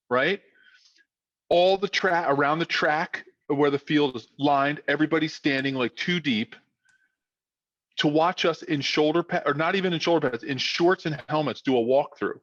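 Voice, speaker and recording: A man's voice: on the high side, moderate pace, no echo, highs cut off. A man, a former football player telling a rambling podcast story full of fillers. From South Philadelphia. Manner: rambling, animated with many fillers. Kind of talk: casual storytelling.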